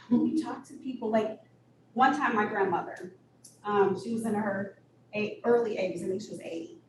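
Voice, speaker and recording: Guest speaker, woman, candid storyteller, higher voice, roomy and distant with background noise. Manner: candid, storytelling, laughs often. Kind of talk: personal story told to a meeting. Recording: echoey room from far off with noise.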